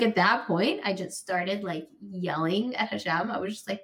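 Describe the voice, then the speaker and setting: A woman's voice: mid-range voice, moderate pace, hardly any pauses, fairly bright tone. An American woman telling a personal story candidly and emotionally, with many fillers like "like" and sudden raised-voice bursts when she recounts her anger. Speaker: podcast guest.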